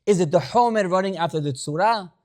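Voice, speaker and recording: A male rabbi delivering a sermon through a story. He speaks animatedly, moving between hushed asides and loud, emphatic lines. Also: high voice, fast talker.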